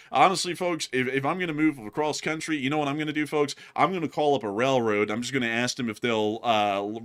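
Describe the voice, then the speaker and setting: A man's voice: mid-range voice, bright, forceful tone, clear, resonant tone. A man hosting a live stream in casual, rambling chat, calling the audience "folks" and piling up fillers. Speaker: livestream host.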